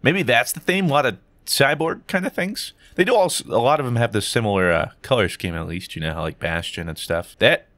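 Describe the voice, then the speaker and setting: A man's voice: mid-range voice, a little fast, hardly any pauses. A young American man commentating as he opens loot boxes, bursting into gasps, squeals and hummed tunes. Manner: animated, gasps and squeals at loot drops, sings and hums along. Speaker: gaming YouTuber. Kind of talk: excitable gameplay commentary.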